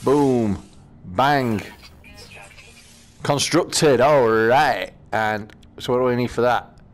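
A British man casually commenting as he plays a VR game, chatting to himself with quick exclamations. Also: mid-range voice, soft background music. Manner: chatty, talks to himself while playing, exclamations. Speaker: gaming channel host.

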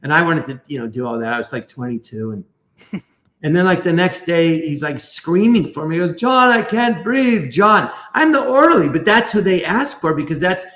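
A man tells a story in a loose, rambling way and keeps breaking off and restarting his sentences. His voice sits a little high for a man. The sound carries a clear echo, as if he is in a bare room. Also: animated, moderate pace. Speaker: guest. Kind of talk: casual storytelling. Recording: echoey room.

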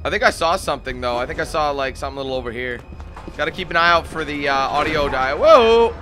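A man giving casual, excitable gameplay commentary, swearing often and yelling when things go wrong. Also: on the high side, fast, faint music behind. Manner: excitable, swears a lot, yells when panicked. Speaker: let's play commentator.

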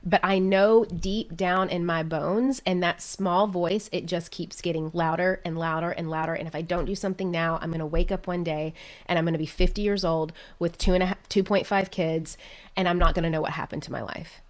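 An earnest woman in her thirties talks openly as a guest on a podcast. Her voice sits a little low for a woman. She tells her story candidly, in a casual conversational flow. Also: steady tone, brisk. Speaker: podcast guest, business coach. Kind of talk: casual interview chat.

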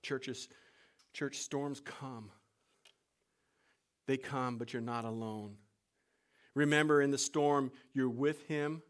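A middle-aged man preaching a sermon, moving from loud, urgent appeals to hushed, whispered storytelling. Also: medium pitch, fairly even intonation, slow pace, pauses often. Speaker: pastor.

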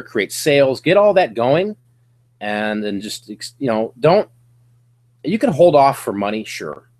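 A middle-aged man hosting a casual livestream from his home office, coaching resellers in an energetic, slangy pep-talk manner. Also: fairly low pitch.

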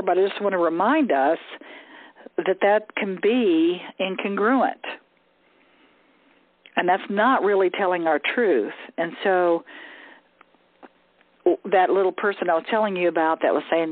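A woman's voice: medium pitch, dry recording. A woman coaching a group over a call, talking in an easygoing way and checking in with "okay?". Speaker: communication coach. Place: lives in the southern US. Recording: tinny phone-line sound.

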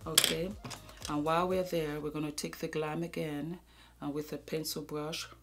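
A woman's voice: low voice, level tone, moderate pace, fairly bright tone, a little hiss or hum. A woman beauty vlogger talking through a makeup tutorial, gushing and affectionate with viewers, sometimes dropping to a murmur as she works. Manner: drops to a murmur while applying makeup.

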